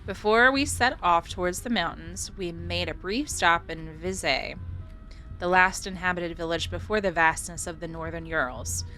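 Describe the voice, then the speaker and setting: A woman reading the lines of a male investigator in a horror game, in her own plain voice, earnest and steady. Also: lowish voice, normal speed, faint music behind. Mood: somber.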